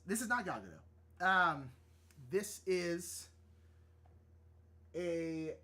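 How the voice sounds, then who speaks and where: A man hosting a live drawing stream, chatting casually and rambling, easily excited and flustered. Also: high voice. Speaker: livestream artist host. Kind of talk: casual livestream chat while drawing.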